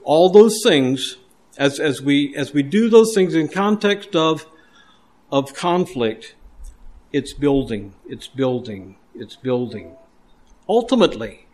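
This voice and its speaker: A man's voice: a little high, a little mellow. A man preaching a sermon with earnest emphasis, often repeating words and restarting his phrases. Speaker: pastor.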